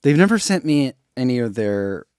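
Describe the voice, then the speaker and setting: A man's voice: mid-range voice, sing-song, normal speed, darkish tone, smooth, dry recording, clean studio sound. A middle-aged man, host of a running channel, chatting casually on a live stream, reading out viewer comments and chuckling often. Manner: laid-back, chuckles often, reads comments aloud.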